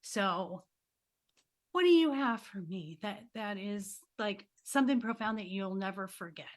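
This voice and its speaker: A woman hosting a podcast and coaching, telling stories with lively acted-out quotes and closing with an upbeat sign-off. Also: mid-range voice, measured pace. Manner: animated storyteller, acts out quoted voices. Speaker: podcast host and life coach. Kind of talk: casual interview chat.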